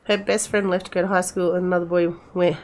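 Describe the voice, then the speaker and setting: A woman's voice: on the low side, level tone, fast, darkish tone. A middle-aged woman commenting casually on a game, chatty and rambling, speaking to the characters as if they were friends. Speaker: gamer playing and commenting.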